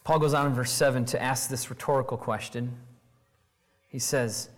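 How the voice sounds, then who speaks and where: In a mid-range voice at normal speed, a preacher gives an expository sermon, staying animated as he acts out quoted voices and launches rhetorical questions.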